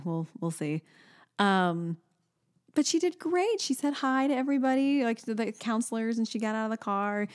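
Chatty, animated woman co-host. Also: medium pitch. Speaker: podcast co-host. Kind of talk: casual chat.

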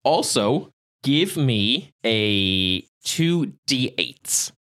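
A man's voice: mid-range voice, animated, extremely slow, a bit bright. A man narrating as game master, playful and laughing often in a loose, casual way.

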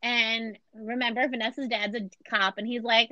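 Woman, casual podcast chat, bright voice, a bit high, dry dull sound. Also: flat delivery, normal speed, dry recording. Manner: chatty, jokey, acts out quotes. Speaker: podcast co-host. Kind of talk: casual chat, retelling a true crime story.

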